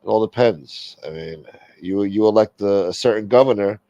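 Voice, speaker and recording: A man's voice: on the low side, moderate pace, dark tone, dry recording. A middle-aged man hosting a livestream, rambling and complaining with lots of swearing in casual talk. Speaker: livestream host. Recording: dull lo-fi stream audio.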